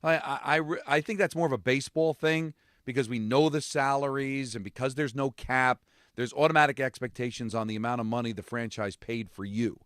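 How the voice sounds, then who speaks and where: A man's voice: mid-range voice, steady tone, brisk, fairly bright tone, smooth, no room sound, studio quality. A man co-hosting a sports talk radio show, thinking aloud and restarting his sentences. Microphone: studio microphone.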